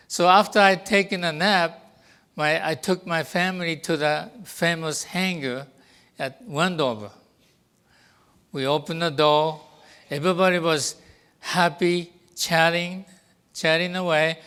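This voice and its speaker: Older man, English speaker, storytelling to an audience, smooth resonant voice, fairly high pitch. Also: a bit bright. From Japan. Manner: deliberate, acts out quoted dialogue. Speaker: guest speaker.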